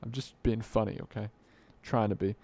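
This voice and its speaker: A man's voice: on the low side, fairly even intonation, moderate pace, warm tone, slight background noise. A young man hosting an unscripted solo podcast late at night, rambling and correcting himself as he jokes at his own expense, into a desk mic at home. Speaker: podcast host. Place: home room at night, dim light.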